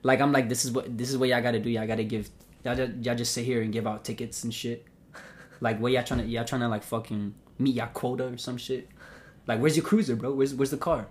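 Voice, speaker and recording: A man's voice: mid-range voice, brisk. Profane young New man telling a story. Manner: profane, animated retelling with acted-out quotes. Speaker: podcast host. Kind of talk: casual storytelling.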